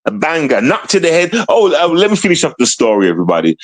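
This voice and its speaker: Emphatic man, slightly high voice. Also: very animated, quick pace. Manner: emphatic, repetitive street slang, keeps asking "you understand?". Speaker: guest telling his story. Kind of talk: casual storytelling.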